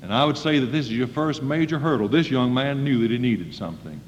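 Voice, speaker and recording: A man preaching a sermon to students in a folksy manner, acting out quoted voices and rising to loud emphasis. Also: mid-range voice, a little fast, slight background noise. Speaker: preacher at a school chapel. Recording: dull old recording in a reverberant hall.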